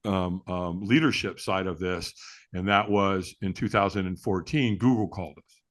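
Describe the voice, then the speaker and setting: A man's voice: deep voice, moderate pace. A middle-aged man, the interview guest, telling stories in a casual chat, acting out quotes and laughing often. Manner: animated storyteller, acts out quotes, laughs often. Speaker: guest, firewalk instructor.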